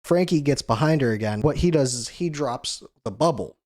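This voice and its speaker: A man hosting a show about a comic series, retelling a chapter in a loose, conversational way with many "you know" fillers and quick stabs at the characters' lines. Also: mid-range voice, animated, darkish tone, no echo, clean studio sound. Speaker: manga discussion show host. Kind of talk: casual chapter recap.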